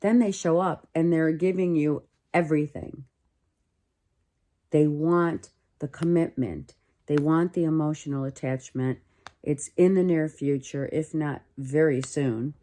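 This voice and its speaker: A woman reads tarot cards in a relaxed, thinking-aloud way, often repeating and restarting phrases. Her voice sits low with a warm, dark tone. She talks slowly and unhurriedly. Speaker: tarot reader. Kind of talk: casual tarot reading.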